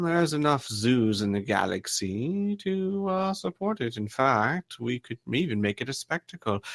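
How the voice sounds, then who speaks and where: A man doing a slow, musing large gentleman. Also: medium pitch, no room sound. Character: large, pondering gentleman dealer.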